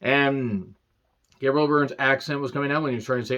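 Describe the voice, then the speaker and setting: Male reviewer, sarcastic rambling rant, mid-pitched, on a dull lo-fi recording. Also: brisk, a bit bright. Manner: sarcastic, rambling, profane asides. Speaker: movie reviewer. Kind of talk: casual ranting film review.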